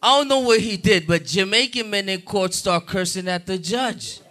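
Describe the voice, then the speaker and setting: Stand-up guy at a comedy club, high bright voice, takes his time, jokes with the crowd. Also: moderate pace. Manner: loose, joking, talks to the crowd.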